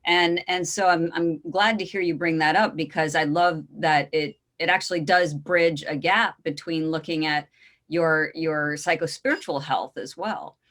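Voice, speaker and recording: A woman hosting an interview podcast, a therapist who talks thoughtfully with many pauses and "um"s. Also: deep voice, steady tone, fairly bright tone. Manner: thoughtful, rambling, many "um"s and restarts. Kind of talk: casual interview chat.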